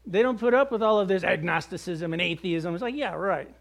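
A man's voice: sits high, a little fast, creaky, fairly bright tone. A man preaching a sermon in a conversational way, with jokes and acted-out quotes. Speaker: pastor.

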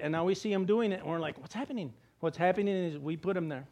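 An older man preaching a sermon as pastor, animated, asking rhetorical questions and acting out the quotes. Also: high voice, quick pace.

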